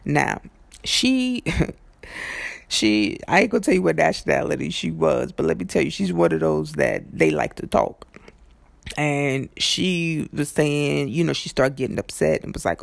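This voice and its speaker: A man hosting a podcast, telling a story in a chatty, animated way and acting out the quotes. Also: a little high, moderate pace, creaky, dry recording. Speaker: podcast host. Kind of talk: casual storytelling.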